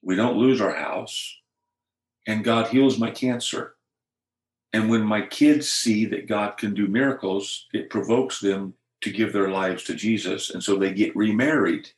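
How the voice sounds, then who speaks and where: A man's voice: fairly low pitch, unhurried, reverberant, rough recording. An older man, a pastor, earnestly telling a personal faith story in conversation. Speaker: pastor, interview guest.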